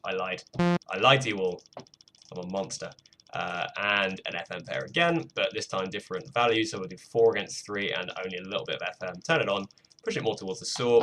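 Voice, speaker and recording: A British man with a fairly low voice talks through his work on a live stream. He is casual and self-mocking and swears freely. Faint music plays behind him. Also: a bit bright. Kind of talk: live production stream walkthrough. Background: faint music playing.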